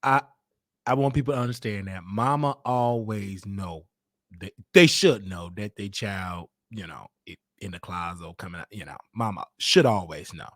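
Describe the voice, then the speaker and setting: A man's voice: lowish voice, expressive, normal speed, dry recording, clean studio sound. A man hosting a talk show, lecturing his audience directly and preachily. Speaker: show host.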